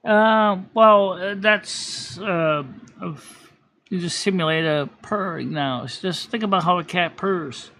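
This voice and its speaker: Gravelly, bright-voiced man in casual chat. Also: high voice, unhurried. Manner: rambling, with many restarts and self-corrections. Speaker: live stream host.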